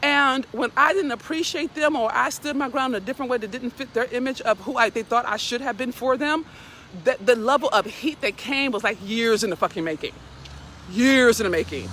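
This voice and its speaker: Woman, casual live-stream talk, profane, preachy, animated, outdoors, faint street noise. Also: a little high, brisk. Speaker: live video host. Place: outdoors in an urban area, walking a dog.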